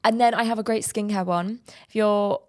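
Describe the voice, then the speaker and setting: A woman's voice: medium pitch, moderate pace. Chatty young woman co-hosting a podcast. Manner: chatty, animated storytelling. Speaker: podcast co-host. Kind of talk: casual chat.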